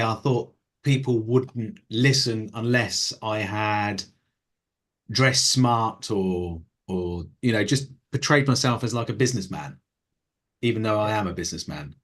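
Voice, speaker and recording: A man's voice: lowish voice, measured pace, fairly bright tone. A man joining a video call, adding short, plain remarks in casual chat. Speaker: meeting participant.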